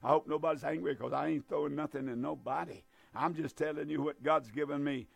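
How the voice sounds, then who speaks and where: A man preaching a fervent sermon, emphatic and repetitive, with drawn-out stresses. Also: fairly high pitch, steady tone, creaky, dry recording.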